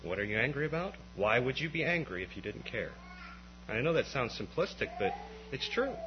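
A man preaching a conversational sermon at an evening church meeting, swinging from quiet explanation to impassioned, rising outbursts. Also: mid-range voice, sing-song, brisk. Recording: dull lo-fi recording with faint mains hum.

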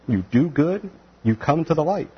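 Guy teaching bible verse by verse, bouncy animated delivery, dull muffled recording. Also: on the high side, normal speed, husky. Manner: animated, acts out voices of biblical figures.

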